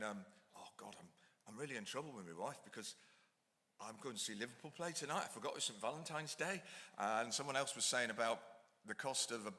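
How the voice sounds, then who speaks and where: A man's voice: mid-range voice, pushed and bright, big-room sound. A middle-aged man, an author at a talk, telling rambling, self-deprecating anecdotes and then reading aloud from his book. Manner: digressive, chatty, self-deprecating. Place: lecture hall at an ideas festival.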